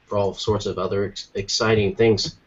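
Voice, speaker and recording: A man co-hosting an art podcast in casual chat, excitable and quick to exclaim. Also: lowish voice, dull audio. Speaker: podcast co-host.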